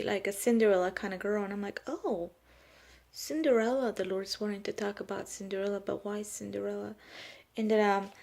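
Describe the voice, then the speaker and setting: A young woman, a homeschooling mother, gives a spoken testimony of a prophetic word. She speaks hesitantly with frequent fillers and slows to a solemn pace when relaying divine words. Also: medium pitch.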